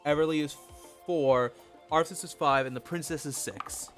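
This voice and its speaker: A man runs a tabletop game in a loose, halting narrating voice. His pitch sits a little high, and soft music plays behind him. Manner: casual, halting, with fillers. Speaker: game master.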